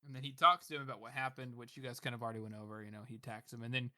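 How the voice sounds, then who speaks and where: A man's voice: medium pitch, steady tone, rapid-fire, pushed and bright, no echo, studio quality. A man co-hosting a podcast, chatting casually about a book, rambling with lots of fillers and swearing. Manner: rambling with many fillers, swears, laughs often. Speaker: podcast co-host. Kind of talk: casual book discussion chat.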